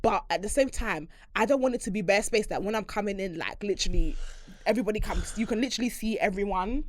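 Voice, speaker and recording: A woman co-hosting a podcast, telling stories in casual chat, animated and quick, swearing and laughing often. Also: medium pitch, no echo. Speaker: podcast co-host.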